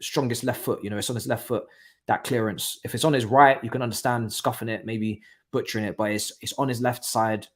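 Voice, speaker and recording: A young man hosting a live football watchalong, talking casually and breaking into excited exclamations. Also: fairly low pitch. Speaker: watchalong host. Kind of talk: live match watchalong commentary.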